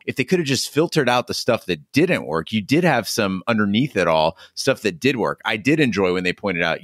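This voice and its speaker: A man's voice: on the low side, big pitch swings, moderate pace, hardly any pauses, a bit bright, no room sound, studio quality. A man co-hosting a casual movie-review podcast, giving wry, critical commentary. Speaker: podcast co-host.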